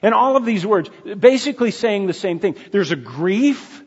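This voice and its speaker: A man preaching a sermon in an earnest, halting way, often restarting his sentences. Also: sits high, animated, darkish tone, husky. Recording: dull lo-fi sound in a reverberant hall.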